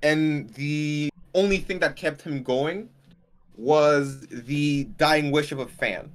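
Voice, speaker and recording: A man chatting casually as a podcast co-host, relaxed and hesitant with many fillers. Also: fairly high pitch, slow pace. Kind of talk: casual chat about anime.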